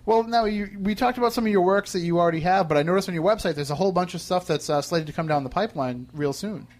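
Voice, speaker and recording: A man's voice: high-pitched, fast talker. A middle-aged man hosting a radio show, chatty and joking, asking long rambling questions. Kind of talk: casual interview.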